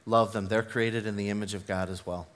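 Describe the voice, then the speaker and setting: A man's voice: lowish voice, steady tone, brisk. Earnest man preaching a sermon. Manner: earnest, builds to fervent emphasis; tells personal stories with self-deprecating laughs.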